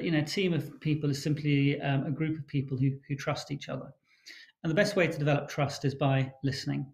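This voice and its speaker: A man with a fairly high voice, speaking as a guest in a livestream interview. He tells his stories briskly and with animation. His voice sits a little above the usual male range. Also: poor audio. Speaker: guest author.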